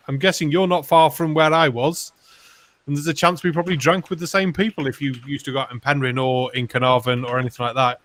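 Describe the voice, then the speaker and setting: A man's voice: on the high side, a bit bright, no echo. Man, dry close voice. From North Wales. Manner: swearing, laughs between lines. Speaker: poker stream host. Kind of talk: casual group chat, telling jokes.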